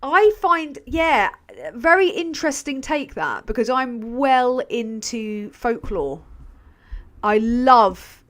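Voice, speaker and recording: A woman's voice: on the high side, expressive, slow, a bit bright. A young English woman hosting a casual livestream, reading out chat messages, swearing freely and laughing often as she rambles. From England. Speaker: channel host reading live chat.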